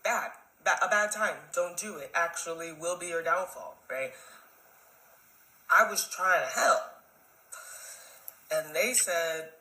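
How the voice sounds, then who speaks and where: A man telling a story to camera, animated and mocking. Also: on the high side, takes it slowly, pauses often, reverberant, poor audio.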